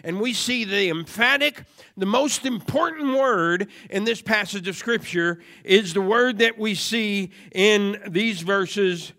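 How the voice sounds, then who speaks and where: A man preaching a sermon to a congregation, moving from steady teaching into loud, emphatic repetition. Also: high-pitched, slow. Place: church service before a congregation.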